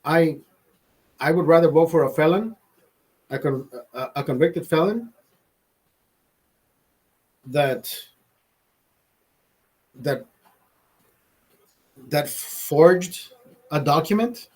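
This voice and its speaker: Man, high voice, casual livestream chat, rambling, profane, laughs a lot. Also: slow pace, long pauses, darkish tone, slightly rough. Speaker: livestream host.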